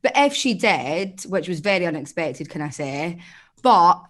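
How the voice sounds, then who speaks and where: A woman's voice: lowish voice, animated, measured pace. A young woman guest in a casual chat, rambling and chatty with lots of fillers.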